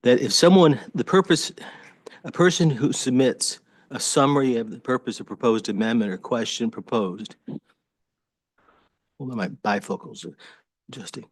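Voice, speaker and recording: A man speaking as an attorney at a public board hearing, hesitant and halting, often restarting his sentences. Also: medium pitch, no echo. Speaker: attorney addressing a state board. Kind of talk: formal testimony at a public meeting. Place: government hearing room.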